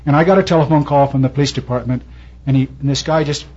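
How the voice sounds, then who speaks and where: A man's voice: medium pitch, quick pace, darkish tone, slightly rough. A man preaching a sermon as pastor, telling a story from his congregation with feeling and acting out the people in it. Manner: storytelling preacher, quotes people in raised voices. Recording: dull lo-fi recording.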